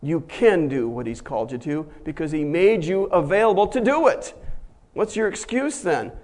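A man preaching a sermon as pastor, emphatic, swinging between loud peaks and quiet low passages, acting out the voices he quotes. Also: expressive, moderate pace.

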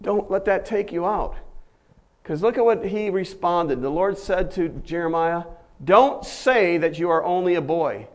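A male pastor delivering a sermon in a fairly high voice. He preaches emphatically, climbing to loud, forceful peaks before falling back to quiet, low stretches. He acts out the voices of the figures he quotes. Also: a little slow.

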